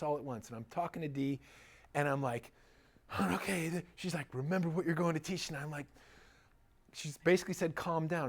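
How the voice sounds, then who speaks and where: A middle-aged man, a chiropractor, giving a casual seminar talk to an audience, animated and chatty and laughing often as he tells personal stories. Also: a little high.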